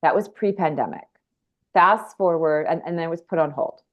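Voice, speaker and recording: A woman in her forties appears as a podcast guest, telling her story in a low voice at normal speed. Her storytelling is candid, conversational, earnest, and rambling, with frequent restarts, and the sound is lo-fi.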